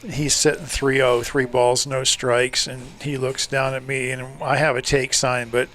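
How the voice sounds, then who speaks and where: A man doing color commentary on a baseball broadcast, a former coach who spins chatty stories and laughs between them. His pitch sits in the middle, with faint ballpark ambience behind. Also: level tone, a little slow, fairly bright tone, a little hiss or hum. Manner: chatty storyteller, chuckles often. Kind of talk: relaxed radio color commentary.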